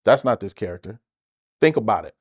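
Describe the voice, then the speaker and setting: A man from the United States, an actor guest telling stories in a casual interview, animated and emphatic, with plenty of swearing. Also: on the low side, brisk, dry recording, studio quality.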